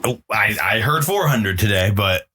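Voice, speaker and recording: A man's voice: lowish voice, animated, normal speed, sharp tone, breathy edge. A man co-hosting a podcast, eagerly explaining facts in casual, profane chat. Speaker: podcast co-host. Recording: hissy noisy recording.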